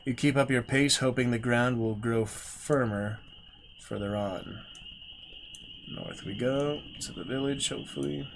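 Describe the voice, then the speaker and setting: A man reads a gamebook aloud on a stream in a steady, middle-pitched voice. He takes the story at a measured pace and mutters asides under his breath. Faint background noise sits under the voice. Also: creaky. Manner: slow, measured reading broken by quiet mumbled asides.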